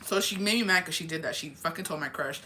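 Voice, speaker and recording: A woman's voice: low voice, quick pace, pushed and bright. A young woman telling a casual storytime confession, rambling and swearing, with lots of fillers, often laughing at herself. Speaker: vlogger.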